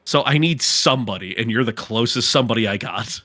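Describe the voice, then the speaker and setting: A man's voice: medium pitch, brisk, sharp tone, dry recording. A man co-hosting a podcast, telling stories in casual chat with lots of animation and swearing for emphasis. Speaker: podcast co-host. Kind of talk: casual chat on a live stream.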